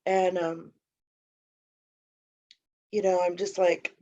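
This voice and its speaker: A woman sharing personally at a recovery meeting, talking haltingly with many fillers and restarts. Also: on the low side, steady tone, a little mellow, dull audio.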